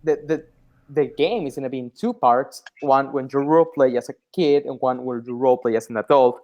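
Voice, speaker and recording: A woman's voice: extremely low pitch, a little fast, dull audio. A woman playing in a tabletop game, chatting casually and gushing with enthusiasm. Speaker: tabletop player. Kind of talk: casual chat.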